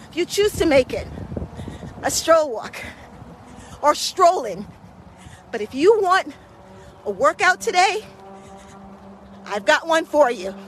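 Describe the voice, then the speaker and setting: A woman with a very high voice walks through a park while pacing her listeners. She talks slowly and deliberately, repeating encouraging cues, and sounds a little breathy from moving. Faint outdoor noise sits behind her voice. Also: rough recording. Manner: encouraging, repetitive coaching cues. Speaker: walking pace coach. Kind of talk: motivational workout vlog while walking.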